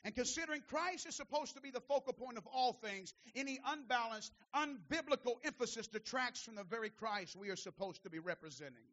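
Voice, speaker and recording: High-voiced impassioned male preacher. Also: fairly quick, hardly any pauses, muffled recording. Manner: impassioned preaching, rising to shouts and dropping to quiet asides; repeats phrases for emphasis. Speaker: pastor. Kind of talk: sermon.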